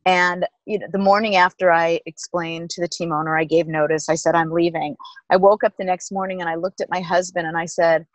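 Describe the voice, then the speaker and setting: A middle-aged woman, a former team executive, telling stories in an emphatic, lively interview manner. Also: lowish voice, brisk, dry recording, low-quality recording. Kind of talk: animated interview storytelling.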